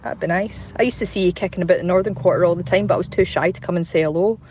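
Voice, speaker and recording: A man's voice: high voice, rapid-fire, a little mellow, slight background noise. A man with a Glasgow accent calling in with a chatty, candid voice message, recorded on a phone. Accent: Scottish, Glasgow. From Scotland. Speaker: caller. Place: in a parked car outdoors.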